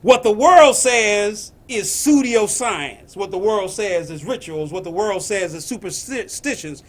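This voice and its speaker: A man giving a spiritual message, slow and emphatic, repeating his phrases. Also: high-pitched, expressive. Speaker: spiritual teacher.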